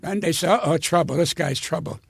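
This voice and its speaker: Gravelly older man telling blunt stories. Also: a little high, brisk, no room sound, clean studio sound. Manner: blunt, profane, heated storyteller. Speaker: guest comedian. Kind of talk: storytelling interview.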